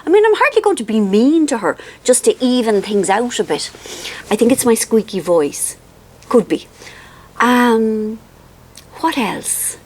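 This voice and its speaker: Irish woman, casual to-camera chat, wilting in the heat, wry and rambling, slightly high voice. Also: big pitch swings, unhurried, a little mellow. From Ireland. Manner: chatty, rambling, self-mocking, with frequent ums. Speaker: vlogger.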